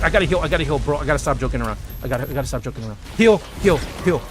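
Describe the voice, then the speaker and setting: A man's voice: mid-range voice, animated, quick pace, faint music behind. A male streamer joking, swearing and talking to his game allies as he gives live gameplay commentary.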